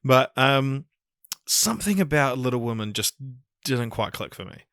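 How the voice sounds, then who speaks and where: A man's voice: medium pitch, sing-song, normal speed, fairly bright tone, clear, resonant tone, no echo, studio quality. A man with a New Zealand accent hosting a podcast in casual chat, rambling with lots of fillers and frequent swearing. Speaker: podcast host.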